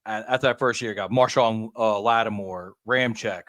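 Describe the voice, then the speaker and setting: A man's voice: lowish voice, moderate pace, a bit bright, dry recording. A man co-hosting a casual sports podcast, talking conversationally and asking long, probing questions. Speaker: podcast co-host.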